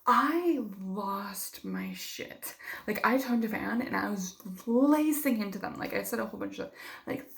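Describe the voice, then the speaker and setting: A woman's voice: a little high, normal speed, vocal fry. A young woman vlogging, telling a personal story in a heated, casual way with lots of swearing and filler words.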